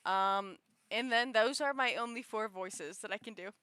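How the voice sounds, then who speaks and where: A woman's voice: on the high side, normal speed, bright, forceful tone, smooth, no room sound, clean studio sound. A young woman streaming, chatting casually with lots of giggles and fillers. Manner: giggly, filler-heavy rambling. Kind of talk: casual chat on a livestream.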